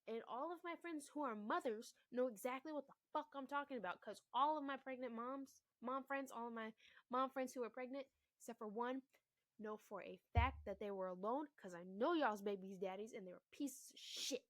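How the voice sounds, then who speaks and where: A woman's voice: fairly high pitch, normal speed, no room sound. Blunt, swearing young woman ranting. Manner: swears heavily, loud emphatic bursts, frequent asides. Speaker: mother and vlogger. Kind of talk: blunt, profane relationship rant to camera.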